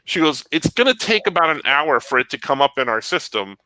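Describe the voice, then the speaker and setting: Man, lively storyteller, bright tone, voice rises and falls, casual co-host chat. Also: on the high side, fairly quick, no echo, rough recording. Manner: animated storyteller acting out both sides of a conversation.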